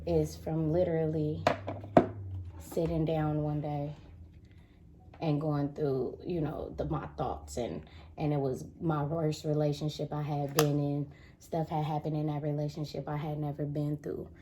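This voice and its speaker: A woman's voice: unhurried, noisy background. A young woman vlogging casually to camera, telling a personal story and acting out quoted arguments. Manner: animated, acts out quoted arguments in a higher voice.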